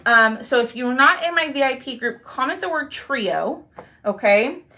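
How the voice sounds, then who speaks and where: Gal doing a craft livestream, bright highish voice, chatty and bubbly, thanks everyone in the comments. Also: female voice, animated, measured pace. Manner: bubbly, talks to viewers while working, thanks commenters. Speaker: craft live-stream host. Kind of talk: chatty live craft demo.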